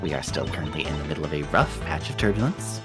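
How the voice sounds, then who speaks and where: A man's voice: extremely low pitch, fast, pitched below the performer's own voice. A man voicing a prim, by-the-book female flight attendant, making formal, polite announcements. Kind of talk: fan voicing of game dialogue. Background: game music.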